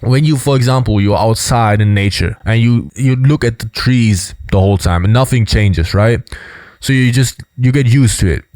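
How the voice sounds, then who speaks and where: A man's voice: medium pitch, moderate pace, darkish tone, dry recording, studio quality. A young man giving casual, explanatory commentary on body language, peppering his points with "you know" and "right?".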